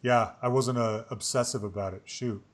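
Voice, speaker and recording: A man's voice: mid-range voice, steady tone, moderate pace, very noisy. Chatty man in his forties hosting. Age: 40s. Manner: chatty and rambling, laughs easily. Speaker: podcast host. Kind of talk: casual chat.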